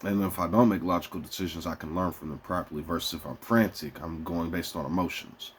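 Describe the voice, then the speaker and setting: A man venting casually to his viewers in a profane, rambling way, swinging between heated outbursts and quieter musings. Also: low-pitched, steady tone, quick pace, slight background noise. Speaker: vlogger. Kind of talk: casual rant to camera.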